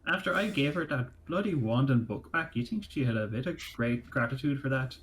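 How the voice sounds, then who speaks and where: A man chats as a player in a tabletop game, wry and conversational. His voice is mid-pitched, with a faint hiss under it. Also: lively intonation, brisk, low-quality recording. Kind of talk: casual game chat.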